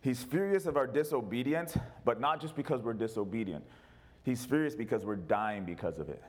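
A man's voice: mid-range voice, expressive, a little fast, darkish tone. A male pastor preaching a sermon in an emphatic, repetitive way.

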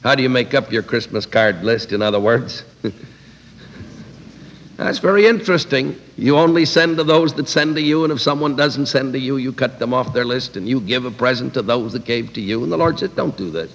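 A male Bible teacher delivering an expository sermon, moving between scripture read aloud and pointed everyday asides. His voice sits at a middling pitch, and a long hall reverb follows each phrase. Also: moderate pace, fairly bright tone, lo-fi sound, slight background noise. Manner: emphatic, paraphrasing scripture with plain-spoken asides.

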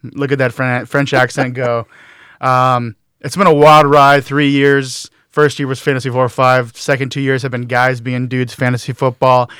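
A man's voice: medium pitch, flat delivery, normal speed, fairly bright tone, clean tone, dry recording, studio quality. A young man hosting a college radio sports podcast in a booth, chatting in a rambling, joking way. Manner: rambling, joking, stumbling restarts. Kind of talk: casual chat.

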